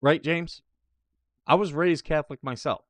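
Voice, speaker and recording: A show host with a slightly high voice and moderate pace reacts to clips on a live talk show. His casual commentary is full of scoffing and sarcasm, captured in a dry recording.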